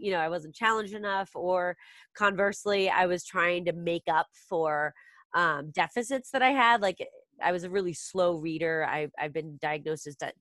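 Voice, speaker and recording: A woman from the Washington DC area talks as a podcast guest. Her voice is on the low side and dry, and her speech is energetic and full of fillers. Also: no echo. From Washington DC area, USA. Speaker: guest, Spanish teacher. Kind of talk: casual interview talk.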